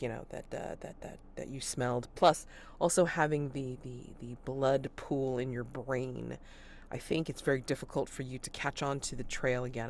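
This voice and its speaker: Gm narrating a tabletop game, lots of ums and likes, mid pitch. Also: a little hiss or hum. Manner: hesitant, filler-heavy narration. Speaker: game master.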